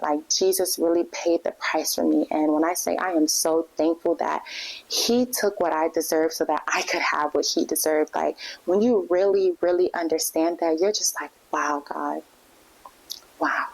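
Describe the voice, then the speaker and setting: A young woman with a somewhat low voice talks as a podcast host, sharing her faith testimony. She speaks casually and earnestly, with lots of fillers and restarts. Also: a little mellow, rough recording.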